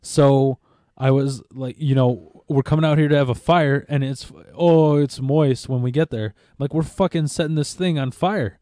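A man with a mellow, darkish voice rambles through profane stories in a casual podcast chat. He restarts his sentences often and keeps swearing as he goes. The sound is close and dry, with no room around it. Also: medium pitch, fairly even intonation, normal speed, hardly any pauses, no room sound.

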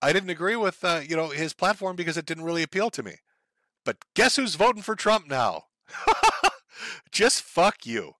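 A man's voice: on the high side, big pitch swings, moderate pace, bright, forceful tone, no room sound, studio quality. Heated, profane man ranting. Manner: heated, profane, sarcastic mocking impressions. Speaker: commentary streamer. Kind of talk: ranting political commentary.

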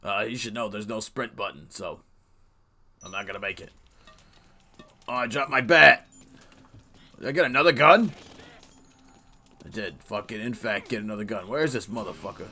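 A man giving casual, profane, excitable commentary while playing a video game. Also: lowish voice, moderate pace, long pauses, faint music behind. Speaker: let's play host.

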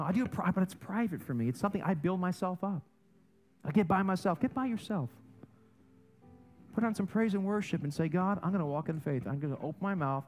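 Pastor, man, high voice, lively joking sermon, soft music under. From German and Italian heritage. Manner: animated, joking, swings between loud and soft. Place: church sanctuary.

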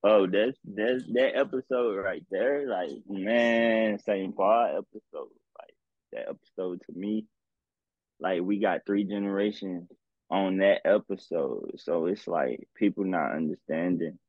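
Husky St. guy on a tinny line. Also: low voice, measured pace, no room sound. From St. Louis, US. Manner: animated storyteller, slangy, profane. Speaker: podcast guest, music producer. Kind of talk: casual chat. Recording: phone-like narrow sound.

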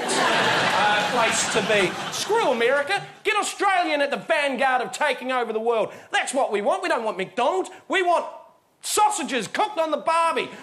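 A man ranting as a comedian in a comic debate, rambling and excitable in a mock-earnest way. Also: extremely high pitch, a little hiss or hum. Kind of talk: stand-up comic rant. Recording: loud studio audience laughter.

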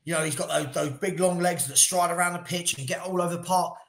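A man's voice: a little high, fast talker, gravelly, fairly bright tone, echoey room. A man co-hosting a casual football debate, blunt and passionate, repeating himself when heated. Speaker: football podcast co-host.

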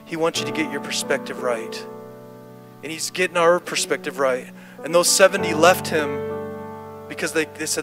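A man's voice: a little high, moderate pace. A man preaching a sermon and then praying, impassioned and repetitive, building to declarations. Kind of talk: sermon with closing prayer. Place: church service. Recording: music underneath. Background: music playing under the preaching.

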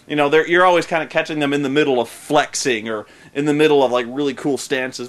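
A man giving a casual, rambling film review as a vlogger, sarcastic and loose, full of fillers and restarts. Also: on the high side. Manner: rambling and sarcastic, lots of fillers, shouted mock quotes. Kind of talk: casual unscripted ranting review.

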